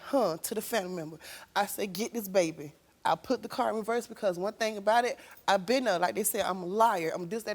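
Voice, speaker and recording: A woman appearing as a talk show guest tells an emotional story, acting out quotes with sudden loud, high-pitched outbursts.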